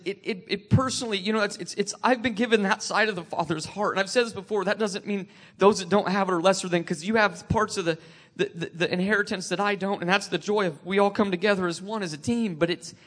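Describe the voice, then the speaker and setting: A man sharing a personal faith testimony, emotional and tearful, halting with many restarts. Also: high voice, fairly bright tone.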